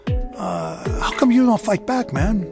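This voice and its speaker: A man's voice: sits high, slow, gravelly, over music, pitched above the performer's own voice, exaggerated voice. A man voicing a kind, muscular Chicano mechanic, urgent and stammering, with a Spanish-tinged accent. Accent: Mexican American Spanish-tinged English.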